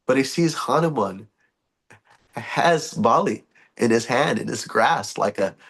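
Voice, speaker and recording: A man leading a morning scripture class in a temple, telling stories in an animated, chuckling, loosely phrased way. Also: medium pitch, measured pace, gravelly, breathy edge. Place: temple hall.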